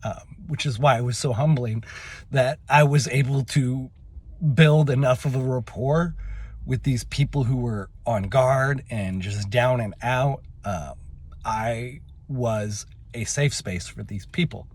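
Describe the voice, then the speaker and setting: A young adult man telling a personal story in a halting, emotional way, with many fillers and restarts. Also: medium pitch, darkish tone, slight background noise. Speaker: vlogger.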